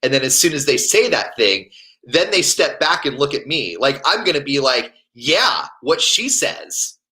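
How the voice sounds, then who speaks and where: A man's voice: medium pitch, very animated, moderate pace, sharp tone, poor audio. A man co-hosting a casual chat show, telling stories in a rambling, laughing way. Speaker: co-host.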